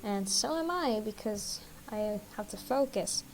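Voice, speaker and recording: A woman streamer who reads a dating game aloud quickly, a bit out of breath and poking fun at herself. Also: mid-range voice, animated, slight background noise, poor audio. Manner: fast, self-mocking reading. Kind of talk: game dialogue read-along.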